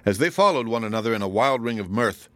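A man narrating a classic novel in a measured, formal audiobook reading. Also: mid-range voice, lively intonation, no room sound.

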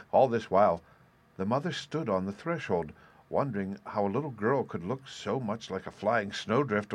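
A man narrating a storybook in a steady, measured reading. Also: fairly low pitch, slightly rough.

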